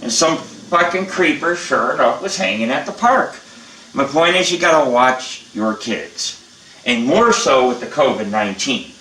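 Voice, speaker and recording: A man's voice: medium pitch, unhurried, bright, forceful tone, reverberant, distant mic, a little hiss or hum, low-quality recording. An older man who is a channel host, chatting bluntly and rambling with plenty of swearing in a casual how-to vlog.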